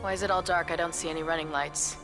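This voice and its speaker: A woman's voice: low-pitched, fairly even intonation, fast, over music, close to an everyday voice, low-quality recording. A woman voicing a skeptical young female ship technician who speaks in a dry, wry way.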